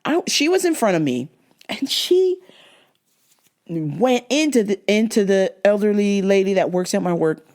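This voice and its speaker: A woman's voice: medium pitch, lively intonation, unhurried, darkish tone. A woman hosting a podcast, ranting bluntly and profanely with frequent laughs, her nose stuffed up and her voice fading. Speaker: podcast host. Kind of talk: casual profane podcast rant.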